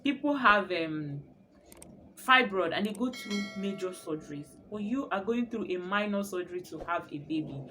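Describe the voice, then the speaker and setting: Woman, young adult, low-pitched, expressive storyteller, casual vlog, faint background noise. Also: normal speed. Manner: expressive, laughs often while telling. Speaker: mother telling her birth story.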